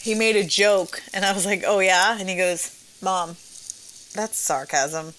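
A woman's voice: medium pitch, fairly even intonation, normal speed, a bit bright, a little hiss or hum, rough recording. A woman in her thirties co-hosting a casual chat, telling stories with sarcasm and frequent laughter. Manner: laughs often, sarcastic storytelling. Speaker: podcast co-host.

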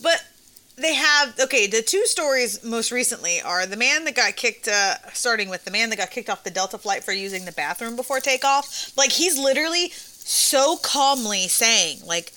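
A woman co-hosting a casual podcast chat, animated and quick to laugh, jumping up high when she is outraged. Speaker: podcast co-host.

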